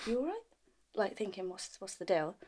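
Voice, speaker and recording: A woman, co-hosting a podcast in casual chat and telling animated stories full of laughter. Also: mid-range voice, moderate pace. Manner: animated storytelling, laughs often, acts out her own lines. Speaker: podcast co-host.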